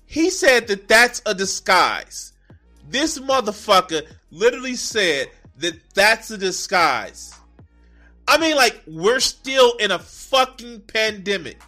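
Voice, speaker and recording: A man reacting to a video clip, swearing a lot and breaking into incredulous shouts. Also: high-pitched, very animated, takes it slowly, faint music behind. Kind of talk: profane reaction commentary.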